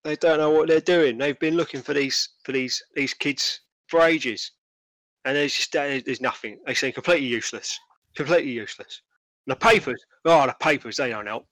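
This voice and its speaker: A man's voice: mid-range voice, moderate pace, fairly bright tone, no room sound, lightly acted, low-quality recording. A man voicing a blunt, cocky older male market stall worker, in a tabletop game. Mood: grumbling. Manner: blunt, cocky, says mate a lot.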